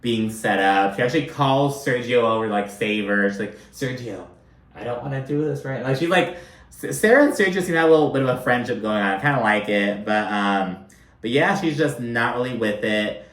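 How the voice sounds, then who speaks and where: A man talks through a reality show in a loose, chatty way. He swears freely and keeps dropping in "like". His mid-pitched voice echoes around a roomy space. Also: animated, brisk, fairly bright tone. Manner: profane, chatty, filler-heavy with constant "like". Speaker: reality TV recap commentator. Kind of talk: casual commentary.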